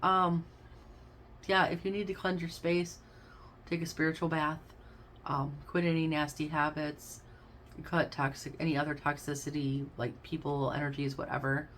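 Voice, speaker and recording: A woman's voice: sits low, flat delivery, normal speed, a bit bright, a little hiss or hum. A woman giving a casual, effusive tarot reading, chatting to her listeners as babes and y'all. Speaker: tarot card reader.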